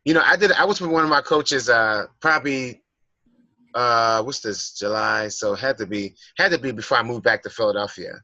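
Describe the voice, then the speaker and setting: A man's voice: medium pitch, a little fast, sharp tone, dry recording, muffled recording. A man speaking as a guest in a personal development class, earnestly coaching listeners and rephrasing his points. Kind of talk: motivational talk.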